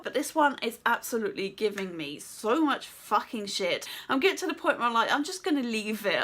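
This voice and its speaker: Brief: woman gaming vlogger, sweary exasperated rant, bright edgy tone. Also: mid-range voice. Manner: exasperated, swears a lot, laughs often.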